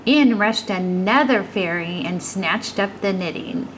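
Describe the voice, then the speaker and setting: A woman reading a children's story aloud, expressive and playing with sound words. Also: medium pitch, measured pace, a little hiss or hum, low-quality recording.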